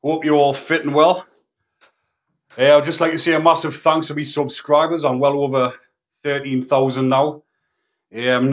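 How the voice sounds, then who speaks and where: A man hosting his own channel, talking casually and rambling with informal slang, a little out of breath. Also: on the high side. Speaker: channel host. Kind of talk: casual talk to camera.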